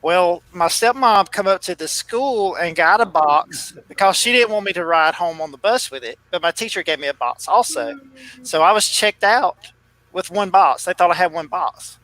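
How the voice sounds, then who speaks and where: A man's voice: high voice, animated, moderate pace, sharp tone, rough recording. A man on a writing panel telling easygoing, folksy stories. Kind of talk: casual panel chat.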